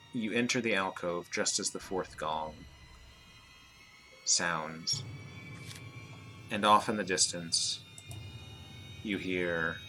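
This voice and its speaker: A man narrating as game master, hesitant with fillers and slowing down for dramatic description. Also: sits low, sharp tone.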